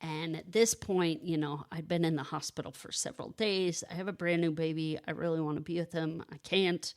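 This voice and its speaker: A woman in her thirties with a somewhat low speaking voice tells a personal story in a casual podcast chat. She talks in halting bursts, restarting sentences and filling gaps with "like" and "you know.". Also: steady tone, a little mellow. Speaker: podcast co-host telling her own story.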